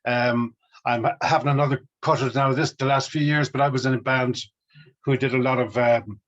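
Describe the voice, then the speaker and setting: A man's voice: medium pitch, fairly even intonation, fairly quick. A middle-aged Irish man, a musician guest, telling stories about his career with enthusiasm. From Ireland. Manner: enthusiastic, storytelling. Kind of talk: casual interview chat. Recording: dull lo-fi audio.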